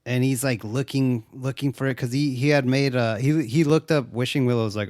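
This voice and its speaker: A man in casual podcast chat, recounting a film with a steady, mid-pitched voice and bursts of laughter. He swears freely and lifts his voice high to act out characters. The sound is dry and close to the mic. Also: normal speed, hardly any pauses, no echo. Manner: profane, laughing, acts out quotes in raised voice. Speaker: podcast co-host. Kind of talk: casual chat retelling a movie.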